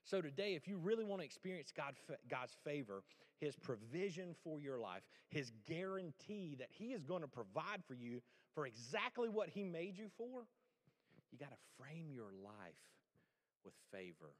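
A man preaching a sermon as pastor, animated and conversational, with joking asides to the congregation. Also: on the high side, moderate pace, big-room sound.

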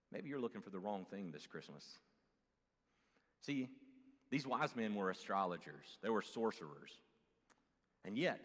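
A man with a light Southern US accent preaching a sermon as pastor, swinging between loud exclamations and hushed low asides. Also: long reverb tail.

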